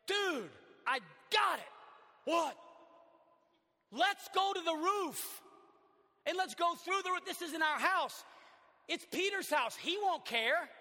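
A male pastor with a Southern accent preaching a sermon in a church, animated, swinging from loud to hushed. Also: high-pitched, breathy edge. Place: church sanctuary. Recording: long church reverb.

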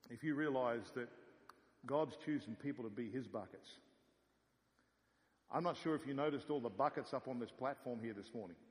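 A male pastor preaching a sermon, telling a story with lively swings from loud to soft. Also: a little high, big-room sound. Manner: animated storytelling, rising and dropping in volume.

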